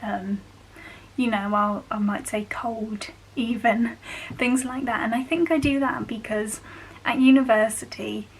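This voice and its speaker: A woman's voice: a little high, a little slow, slight background noise, poor audio. Young Black Country woman, chatty explainer. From Black Country, England. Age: young adult. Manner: chatty, explanatory, carefully enunciating. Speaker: vlogger. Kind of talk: casual talk to camera.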